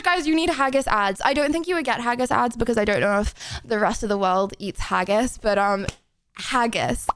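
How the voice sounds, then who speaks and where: A woman's voice: on the high side, normal speed. A young woman streaming, chatting casually with lots of giggles and rambling fillers. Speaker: livestreamer.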